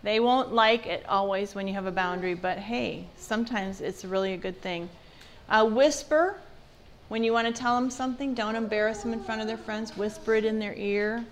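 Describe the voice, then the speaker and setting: A woman's voice: a little high, moderate pace, slight background noise. A woman giving a church parenting seminar in a conversational way, asking her audience questions. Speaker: parenting class speaker.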